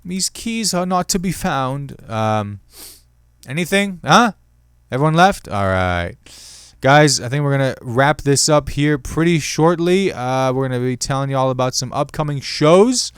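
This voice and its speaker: A man's voice: mid-range voice, lively intonation, a little slow, clean tone, no echo, studio quality. A young man hosting his own comedy podcast, rambling and joking, amused at his own bits. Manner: rambling, self-amused, jokey. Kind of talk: solo comedy podcast chat.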